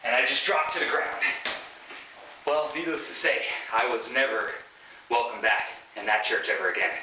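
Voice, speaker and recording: A man's voice: mid-range voice, normal speed, pushed and bright, a little hiss or hum. A male stand-up comedian telling a story in a loose, casual way, with lots of fillers. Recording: echoey dull room from far off.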